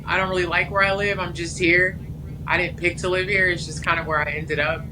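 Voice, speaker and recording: A woman's voice: on the low side, flat delivery, fairly quick. Frank Californian woman over a noisy line. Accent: West Coast American. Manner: candid, frank, hesitant with many ums. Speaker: guest writer. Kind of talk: casual interview chat.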